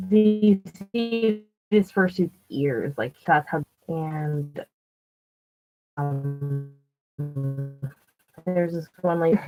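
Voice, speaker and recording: A woman vlogger telling stories in a casual, rambling way, full of "like", restarts and swearing. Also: fairly low pitch. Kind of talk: casual storytelling. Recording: dull lo-fi recording with faint music.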